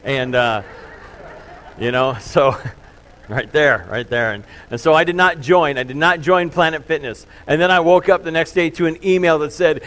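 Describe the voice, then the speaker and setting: A man's voice: fairly high pitch, fairly even intonation, normal speed, fairly bright tone, low-quality recording. A middle-aged man preaching a sermon in a loose, conversational way, full of fillers and self-deprecating asides. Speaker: pastor.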